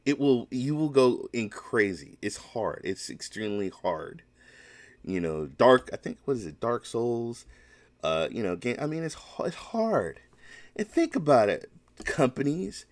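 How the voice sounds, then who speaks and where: A man's voice: medium pitch, big pitch swings, a little slow, no echo. A man hosting a casual solo gaming podcast, rambling and emphatic, with many restarts.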